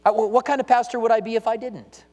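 A man's voice: very high voice, flat delivery, fast, darkish tone. A male pastor preaching a sermon with emphasis and rhetorical questions, acting out the voices of people he quotes. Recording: echoey hall reverb.

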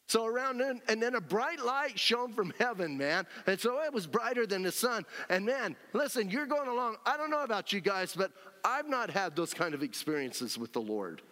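A man preaching a sermon in an animated, conversational way, often checking in with his listeners. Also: sits high. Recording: long hall reverb.

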